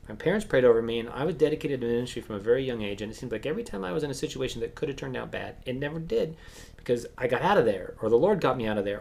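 Gravelly male pastor preaching, goes big then drops to a hush. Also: medium pitch. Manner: animated preaching, acting out quoted voices, swings between loud and hushed. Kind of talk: sermon.

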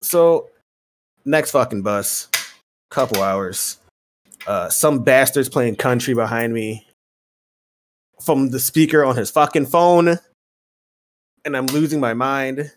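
A man's voice: mid-range voice, slow pace, pauses often, a little hiss or hum. A man hosting a podcast, telling a long story in casual chat, swearing freely and acting out both sides of conversations. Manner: profane, animated storyteller acting out exchanges. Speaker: podcast host.

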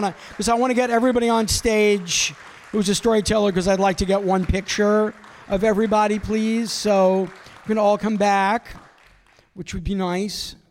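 A comedian from Brooklyn, New York, hosting a storytelling show, with a conversational, filler-heavy delivery. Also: male voice, sits high, darkish tone, big-room sound. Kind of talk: live stand-up storytelling. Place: theater stage before a live audience.

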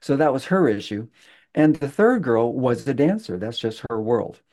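Mellow-voiced man telling a story haltingly. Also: medium pitch, very animated. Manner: halting, many fillers and restarts. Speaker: guest. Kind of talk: conversational storytelling.

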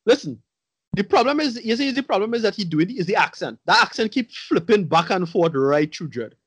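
A man's voice: sits high, animated, brisk, husky, no echo. A man in casual podcast chat reviewing a movie, blunt, rambling and profane.

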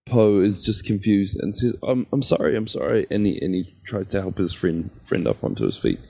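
A man playing his character in a tabletop game, talking haltingly with fillers. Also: low-pitched, sing-song, vocal fry, mellow, breathy edge, no room sound. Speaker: player. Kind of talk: tabletop role-play.

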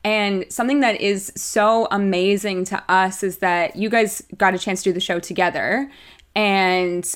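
A woman's voice: medium pitch, steady tone, measured pace, clear, resonant tone. A woman co-hosting an interview, reacting briefly and leading into new questions. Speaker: interview co-host. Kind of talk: casual interview chat.

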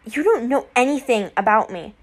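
A woman's voice: on the high side, animated, moderate pace. Whiny boy, annoyed, asks a lot of questions, done by a lady reader in her own voice. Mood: indignant. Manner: whiny, indignant. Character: frustrated boy of about twelve, whiny. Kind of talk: audiobook character voice.

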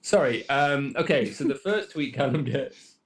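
A man's voice: mid-range voice, lively intonation, normal speed. A man co-hosting a podcast in casual banter, teasing and laughing often. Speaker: podcast co-host.

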